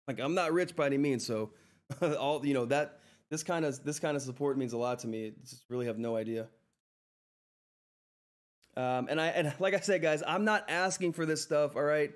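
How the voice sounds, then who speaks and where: A man hosting a live stock trading stream, talking through price charts in an excitable, effusive way that repeats itself. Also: on the high side, moderate pace. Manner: excitable, effusive, repeats himself, says "all right?" often. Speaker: livestream stock trading host. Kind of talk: live market commentary and chat.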